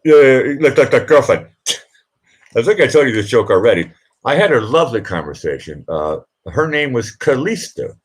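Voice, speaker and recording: A man's voice: medium pitch, sing-song, moderate pace. A man hosting a casual live chat, telling rambling stories with frequent laughs and fillers. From Boston. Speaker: live stream host. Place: indoors at home.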